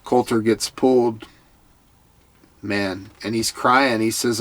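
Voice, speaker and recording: A man's voice: on the low side, fairly even intonation, slow, long pauses, no echo. A man giving a casual recap of a TV episode, in an earnest, heartfelt way that sometimes stumbles over repeated words. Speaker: TV show commentator.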